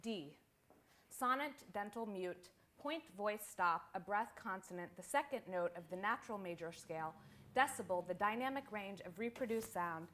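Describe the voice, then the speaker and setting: A woman poet giving a live poetry reading in a small venue, reciting in a measured, incantatory, list-like way. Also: medium pitch, animated, a bit bright.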